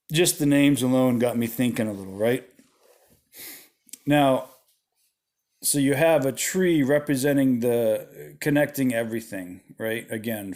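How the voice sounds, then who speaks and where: A man's voice: mid-range voice, a little mellow. A tired man with a slight lisp, talking late at night in a rambling way, often asking "right?" as he teaches about religious symbolism. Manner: rambling, restarts often, tags lines with "right?". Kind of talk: casual spoken teaching on symbolism.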